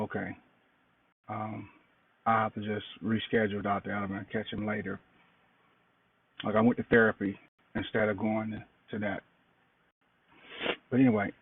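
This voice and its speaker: Tired man, low flat voice, phone-like sound. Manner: low-key, plain-spoken, halting with fillers. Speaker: cancer patient sharing an update. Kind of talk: casual video diary. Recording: distant, phone-like, noisy recording.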